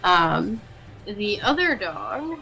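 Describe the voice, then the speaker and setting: A woman narrates a tabletop role-playing game as its game master, chatty and easily amused, filling pauses with ums. Faint music plays behind her voice. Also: medium pitch, sing-song, gravelly, bright, forceful tone, poor audio. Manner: casual, giggly, many ums.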